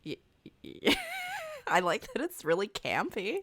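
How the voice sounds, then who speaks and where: A woman's voice: medium pitch, wildly swooping pitch, slow pace, fairly bright tone, husky. A woman co-hosting a podcast in casual chat, playful and teasing, laughing a lot. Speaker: podcast co-host.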